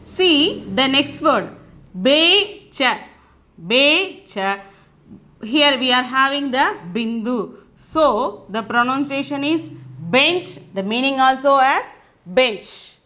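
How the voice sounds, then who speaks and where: A woman's voice: high voice, expressive, takes it slowly, fairly bright tone. A woman teaching a language class, patiently repeating each point and often checking whether students understand. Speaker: Hindi teacher. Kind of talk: online language lesson.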